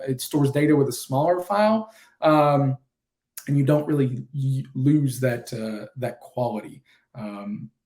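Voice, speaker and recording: A man's voice: medium pitch, a little mellow, roomy sound. A man giving an unscripted online lesson in a casual, rambling way, with lots of fillers and self-corrections. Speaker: instructor.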